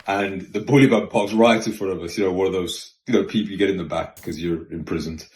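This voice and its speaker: A man telling a story in a casual, slangy, animated way, vlog style. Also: sits low, fast talker. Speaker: vlogger. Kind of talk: storytime monologue. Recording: roomy echo with faint music.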